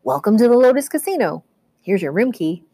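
An overly friendly male casino bellhop, put on by a woman reading a novel aloud, pitched well above her own voice and bouncing with eagerness. He waves off every question in a bright, upbeat rush. The sound is dry and close. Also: big pitch swings, fairly quick, breathy edge, no echo. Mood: cheery.

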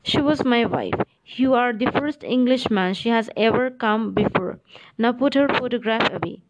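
An earnest, emotional Indian doctor, voiced by a woman reading aloud pours out his feelings in a heartfelt, pleading tone. The voice sits fairly high and bright. This is an audiobook performance. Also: moderate pace, highs cut off, background noise, lightly acted.

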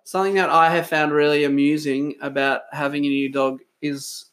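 Guy hosting a church podcast, kinda high voice, chatty, teasing, laughs a lot. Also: level tone, moderate pace, fairly bright tone, slight background noise. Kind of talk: casual chat.

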